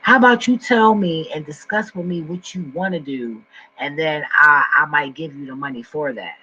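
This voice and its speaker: A man ranting casually and profanely to his viewers from home, swinging between loud outbursts and low mumbling. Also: moderate pace, breathy edge. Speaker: vlogger. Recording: dull lo-fi recording with faint mains hum.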